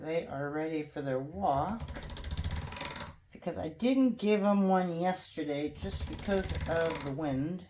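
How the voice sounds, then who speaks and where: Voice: mid-range voice, slow, noisy background. A polymer clay crafter in a home studio, casually thinking aloud and chatting to viewers while working.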